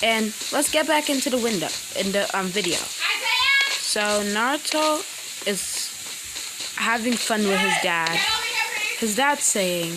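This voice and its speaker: A woman's voice: fairly high pitch, big pitch swings, takes it slowly, long pauses. Rambling woman telling fan fiction, noisy. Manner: rambling with many restarts and fillers. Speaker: amateur storyteller. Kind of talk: improvised fan-fiction narration. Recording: loud background noise.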